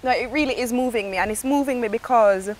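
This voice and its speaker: High voice woman host, emotional, affirming, little bit of background hum. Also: fast talker. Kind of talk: interview conversation.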